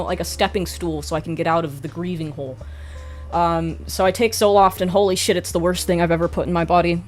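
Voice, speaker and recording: A young woman telling a casual storytime vlog, blunt and profane with sarcastic asides. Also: on the low side. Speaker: video creator.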